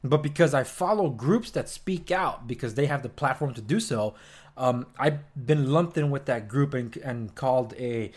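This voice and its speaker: A young adult host runs his own news podcast, ranting casually at a moderate pace with frequent fillers. When worked up his pitch jumps high; he's animated, throws in sarcastic mock quotes, and sometimes chews while talking.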